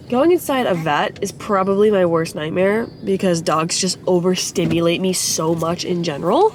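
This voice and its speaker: A woman's voice: on the low side, moderate pace, few pauses, noisy background. A stuffy-nosed young woman in her twenties rambles through a casual vlog. She leans on "like" and "um", sounding congested. Her voice rings a little in an echoey room. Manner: rambling, filler-heavy, chatty. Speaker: vlogger, new mother. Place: at home and in a car.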